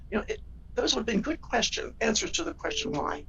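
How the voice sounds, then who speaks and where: A woman in an interview with a gravelly, creaky voice, talking earnestly and acting out the people in her stories. She sounds distant and a little muffled, with faint hiss behind her. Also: a little high, sing-song, a little fast, fairly bright tone. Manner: earnest, tells stories, acts out quoted voices. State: tearful. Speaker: guest. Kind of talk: interview conversation.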